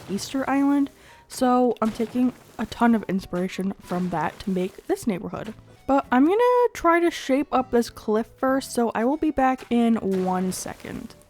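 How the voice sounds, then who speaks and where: A woman's voice: on the high side, a little mellow. Congested, chatty woman gaming host. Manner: chatty and upbeat, thinking aloud while building. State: congested from a cold. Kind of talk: casual gameplay commentary.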